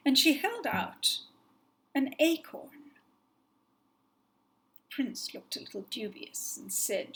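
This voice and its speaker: Woman, storyteller, fairy tale told from memory, gentle, expressive, fairly high voice. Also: slow pace, long pauses, low-quality recording.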